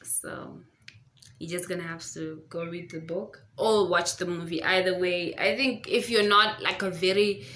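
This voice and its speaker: A woman's voice: on the low side, steady tone, a little slow, pushed and bright. A woman, chatting casually and gushingly to camera while reviewing a book at home. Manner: chatty and gushing, lots of fillers. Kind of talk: casual vlog chat. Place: home near a busy road.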